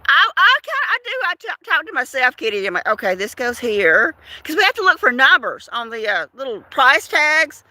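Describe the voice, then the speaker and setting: A woman chatting on a livestream, telling a story to viewers in an animated, talkative way. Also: sits high, brisk, hardly any pauses, dry recording. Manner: chatty, animated, repeats words for effect. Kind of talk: casual livestream chat, storytelling.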